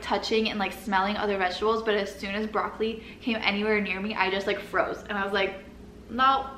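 Chatting casually, a young woman vlogger shares a personal story full of "like" and nervous little laughs. Her mid-range voice sounds pushed and bright, recorded in an echoey room with faint background noise.

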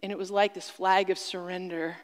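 A woman's voice: lowish voice, level tone, a little fast. A woman speaker telling a dramatic story and preaching on stage, with emphatic exclamations, heard through a stage sound system in a large hall. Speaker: conference speaker. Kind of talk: sermon-like storytelling talk. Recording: long reverb of a large hall.

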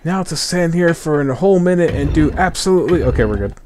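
A man's voice: a little high, expressive, quick pace, a little mellow, slight background noise. A man hosting a video game playthrough, chatting casually and rambling with restarts and laughs. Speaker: host. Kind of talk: casual gameplay commentary. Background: game music.

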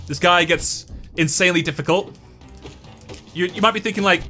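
Excitable gamer guy. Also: high-pitched, normal speed, soft background music. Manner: excitable and joking, talks to the game. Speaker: gaming YouTuber. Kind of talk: let's-play commentary.

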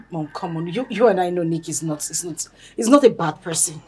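A woman's voice: on the low side, animated, normal speed, darkish tone, slight background noise, close to an everyday voice. A young woman playing a headstrong daughter who argues and pleads emotionally. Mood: pleading. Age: young adult.

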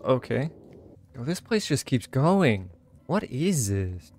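Animated, excitable young man gaming. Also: mid-range voice, takes it slowly. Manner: excitable, talks to companion character, frequent laughs and exclamations. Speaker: gaming channel host. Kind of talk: casual let's play commentary.

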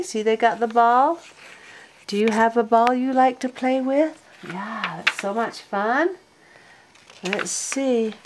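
An older woman reading a picture book aloud to a child in a gentle, coaxing way, stopping to ask the little one questions. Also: a little high, takes it slowly, a little hiss or hum.

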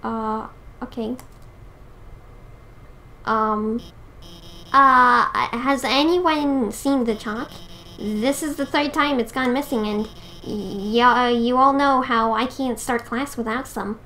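A woman's voice: fairly high pitch, slow pace, pauses often, sharp tone, a little hiss or hum, low-quality recording. A woman voicing a nervous lizard teacher in a game, stammering and hesitant.

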